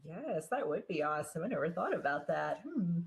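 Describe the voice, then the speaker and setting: A woman's voice: on the low side, very animated, brisk, vocal fry. A woman hosting a casual interview, asking questions in a chatty way with fillers. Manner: chatty, asks with many fillers. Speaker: interviewer host.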